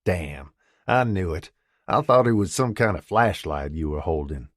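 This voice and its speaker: A man's voice: deep voice, animated, moderate pace, no room sound, clean studio sound. A man doing a drawling Southern charmer. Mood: teasing. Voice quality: elegant drawl. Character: charming American man from the South, teasing friend.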